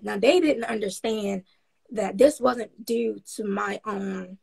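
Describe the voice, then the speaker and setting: Woman guest, rough breathy rasp, rambling frank storyteller with lots of ums, upbeat. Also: mid-range voice, takes it slowly, darkish tone, low-quality recording. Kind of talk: casual interview storytelling.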